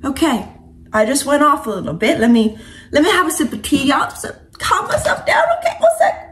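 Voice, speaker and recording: Woman, high voice, vlogger, impassioned monologue, preachy, slangy, heated. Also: big pitch swings, fairly quick, fairly bright tone. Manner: preachy, heated, calls viewers sweetheart and honey; casual slangy speech. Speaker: spiritual coach and vlogger. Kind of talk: impassioned opinion monologue to camera.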